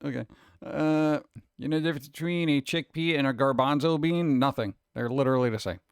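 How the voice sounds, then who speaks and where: Male stream host, casual and self-mocking chat; smooth, dry close-mic sound. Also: medium pitch, brisk, dry recording. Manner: rambling, joking, self-deprecating. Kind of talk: casual chat reading viewer comments.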